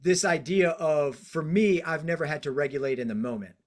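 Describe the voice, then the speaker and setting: A man hosting a podcast, reflecting out loud in a casual, thinking-it-through way. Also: fairly high pitch, brisk. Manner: reflective, talks things through with casual fillers. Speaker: podcast host.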